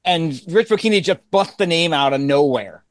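A man co-hosting a podcast in casual chat, emphatic and quick to swear, with stumbling restarts. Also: a little high, animated, dry recording. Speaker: podcast co-host.

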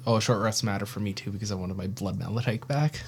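A man's voice: fairly low pitch, fairly even intonation, quick pace, breathy edge, faint music behind. A man playing in a tabletop game, talking casually and hesitantly. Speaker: player. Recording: noisy room hiss.

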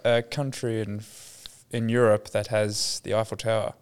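A man's voice: fairly low pitch, flat delivery, normal speed, clear, resonant tone. A man on a podcast, throwing in cheeky, teasing interjections. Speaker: podcast co-host. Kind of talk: casual banter podcast.

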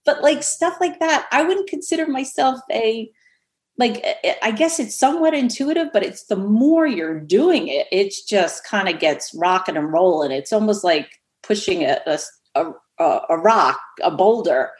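A woman guest on a podcast, telling a rambling, animated story in casual chat. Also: medium pitch, measured pace.

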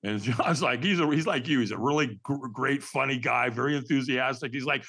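Animated man in his sixties telling his story. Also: medium pitch, fairly quick, husky. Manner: animated, emphatic, laughs through hard memories. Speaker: podcast guest. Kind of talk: candid personal storytelling.

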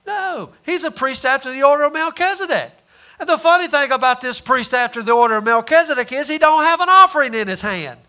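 High, bright-voiced folksy preacher man. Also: expressive, a little fast. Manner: folksy, repeats words, rhetorical questions, swings loud and soft. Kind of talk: sermon.

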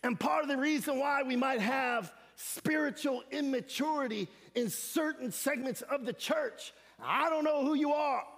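A man preaching an animated sermon as a guest speaker, with slangy asides and shouted emphasis. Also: extremely high pitch, big-room sound. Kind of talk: energetic sermon. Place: church sanctuary.

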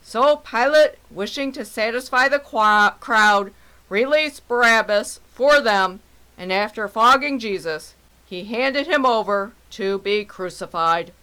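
A woman reading scripture as a mock news report, in a measured, deliberate way. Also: fairly high pitch, sharp tone, clean tone, poor audio. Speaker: mock newscaster and scripture reader.

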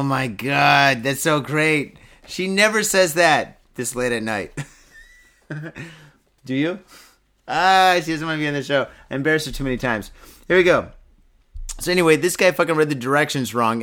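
Podcast host, man, tipsy and profane, lively and somewhat high-pitched delivery. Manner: profane, rambling, laughing at his own jokes, tipsy. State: drunk. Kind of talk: casual podcast chat reading news stories.

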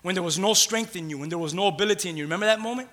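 A passionate male pastor delivering a sermon in a bright, forceful, slightly high voice. He drops to near-hushed intimacy, then builds to loud, rhythmic calls, repeating his phrases and urging the congregation to answer back. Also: very fast.

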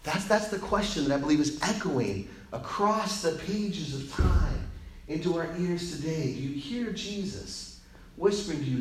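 A male pastor preaching a sermon. He asks the congregation direct questions and swings from loud, emphatic peaks to a soft, slow invitation. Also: on the high side, expressive, slight background noise. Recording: roomy, echoey hall sound.

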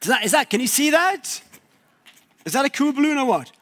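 Male pastor, high voice, chatty sermon in a church. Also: very animated, fairly quick, fairly bright tone. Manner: conversational, uses props and everyday examples.

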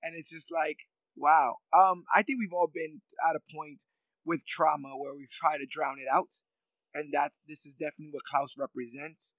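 Man, slightly high voice, dry close sound, thoughtful, casual review chat, lots of ums. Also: little pitch movement, normal speed, fairly bright tone, dry recording, poor audio. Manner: thoughtful, reflective, frequent filler ums. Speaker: podcast co-host.

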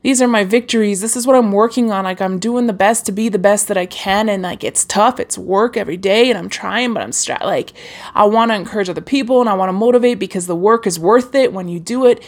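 A woman's voice: mid-range voice, fast. A young woman hosting her own podcast, talking casually and encouragingly into a microphone with lots of fillers and restarts. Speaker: podcast host. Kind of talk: casual solo podcast monologue.

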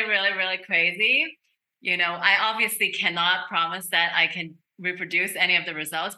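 A woman speaking as a podcast guest, a medical intuitive telling an earnest, animated story. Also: medium pitch. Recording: roomy echo.

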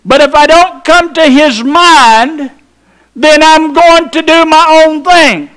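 A man's voice: extremely high pitch, slow pace, fairly bright tone. A pastor preaching a sermon, emphatic and drawn out, putting questions to his congregation.

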